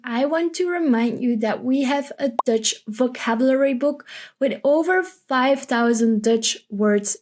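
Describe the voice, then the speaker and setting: A woman teaching vocabulary, repeating each word slowly and carefully for learners. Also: high voice, darkish tone. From Belgium. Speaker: Dutch language teacher. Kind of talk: vocabulary lesson, slow and careful.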